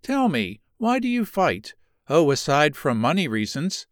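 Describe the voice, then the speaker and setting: A man reading the part of a curious, eager young woman who presses with questions, raising his voice higher for her. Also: sing-song, a little slow, dry recording, studio quality.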